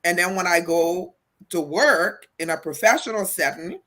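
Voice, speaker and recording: A woman's voice: fairly low pitch, expressive, normal speed, fairly bright tone. A woman from Liberia co-hosting a casual talk show, stating her opinions firmly. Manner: firm, opinionated. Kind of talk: casual panel chat.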